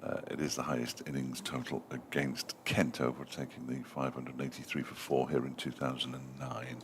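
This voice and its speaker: A man's voice: extremely low pitch, moderate pace, background noise. A man doing live cricket commentary, chatty and self-mocking, reading out messages from listeners between the balls. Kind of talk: live sports commentary with banter.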